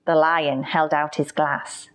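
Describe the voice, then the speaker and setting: Slow, expressive woman reading a storybook. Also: low-pitched. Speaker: children's librarian.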